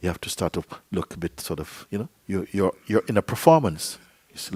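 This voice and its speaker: A man's voice: fairly low pitch, sing-song, a little fast, hardly any pauses, a little mellow, breathy edge, no room sound. A man giving a spiritual talk to a gathering. He talks playfully, acts out little dialogues and laughs often. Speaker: spiritual teacher. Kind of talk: satsang talk. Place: meeting hall.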